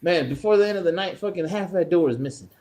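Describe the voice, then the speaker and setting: A man co-hosting a podcast, telling profane, animated party stories in casual chat. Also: high voice, quick pace. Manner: profane, animated anecdotes with acted-out quotes. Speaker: podcast co-host.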